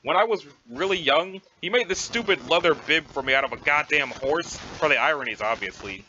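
A man's voice: fairly high pitch, lively intonation, fairly quick, pushed and bright, lo-fi sound, a little hiss or hum, pitched below the performer's own voice. A man playing an ironic, drawling teen boy. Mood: wry. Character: laid-back sarcastic teenage boy.

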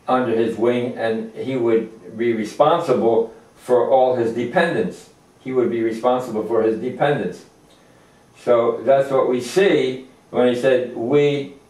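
Slow, halting older man teaching Torah. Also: mid-range voice, darkish tone. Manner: halting, many fillers and restarts. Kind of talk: informal religious lecture. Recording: echoey room, distant mic.

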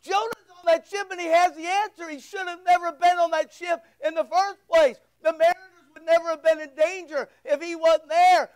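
A man's voice: extremely high pitch, steady tone, moderate pace, hardly any pauses, rough recording. A man preaching a fervent sermon from the pulpit, firing off rhetorical questions and pressing points home with emphatic repetition. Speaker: pastor.

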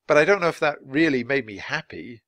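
A man's voice: medium pitch, expressive, brisk, fairly bright tone, no echo, natural voice. A man voicing a thoughtful, cautious young boy in a storybook reading. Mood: earnest.

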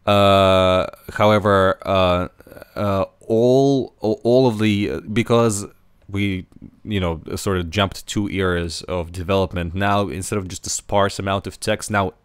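A man's voice: sits low, steady tone, slow pace, clean tone, no room sound. A man hosting a casual podcast discussion, talking with many fillers and restarts. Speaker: podcast host.

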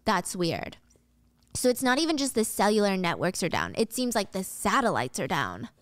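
A woman's voice: mid-range voice, big pitch swings, normal speed, dry recording. A young woman host casually retelling a film plot scene by scene, with vivid detail. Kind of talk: casual storytelling recap.

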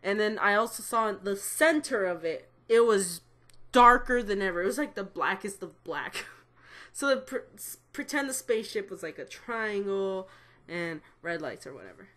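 A woman's voice: mid-range voice, lively intonation, normal speed, fairly bright tone. A woman in her twenties rambling through a personal story to camera, swearing and correcting herself as she goes. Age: 20s. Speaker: vlogger. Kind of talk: casual storytelling.

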